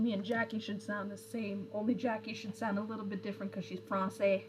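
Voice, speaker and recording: Young woman, casual stream chat, rambly, lots of ums, mid-pitched voice. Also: flat delivery, a little fast, hardly any pauses, slight background noise, low-quality recording. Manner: rambling, chatty, with frequent fillers and self-corrections; reads and answers viewer comments.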